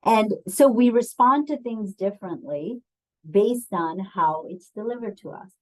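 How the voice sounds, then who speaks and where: Here a diversity and bias trainer runs a webinar on bias, keeping it conversational with frequent ums and questions for the audience. Her mid-range voice is unhurried with a darkish tone, and the recording is rough.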